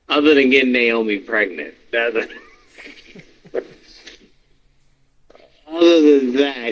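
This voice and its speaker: A man co-hosting a podcast, talking casually and animatedly, swearing a lot and acting out reactions in high yelps. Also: fairly bright tone. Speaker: podcast co-host. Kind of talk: casual wrestling chat. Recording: slightly dull with faint noise.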